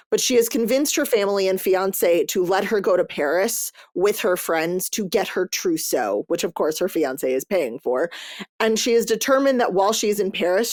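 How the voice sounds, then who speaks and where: A woman hosting a podcast, chatting casually about books she read, lively and loose, cursing freely as she goes. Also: medium pitch, dry recording, clean studio sound. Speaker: podcast host. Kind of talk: casual book review chat.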